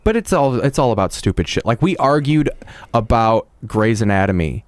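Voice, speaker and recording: A man in casual podcast chat, spinning animated anecdotes and swearing freely. His voice swings widely in pitch at a middle register. It sounds close and dry. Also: normal speed, no echo. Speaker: podcast guest.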